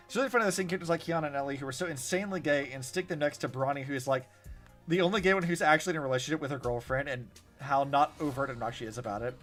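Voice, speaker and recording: A young man chatting casually while playing a game, with lots of fillers and quick asides. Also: fairly high pitch. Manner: chatty, animated, many likes and fillers. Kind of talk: casual gameplay commentary. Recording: faint music behind. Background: faint game music.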